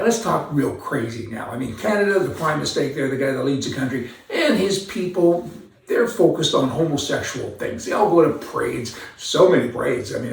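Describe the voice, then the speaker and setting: Gravelly man ranting in an echoey room. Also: on the high side. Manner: rambling, indignant, folksy. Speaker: commentary host. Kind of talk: opinion commentary monologue. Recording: very echoey room, far from mic.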